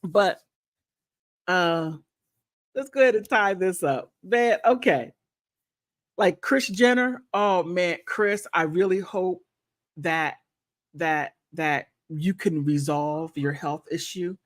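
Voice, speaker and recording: A woman hosting a casual livestream, chatting playfully and thanking viewers, with high laughs and quiet, sincere asides. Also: slow pace, pauses often, no echo. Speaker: content creator hosting a livestream. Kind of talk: casual livestream chat reacting to gossip and viewer comments.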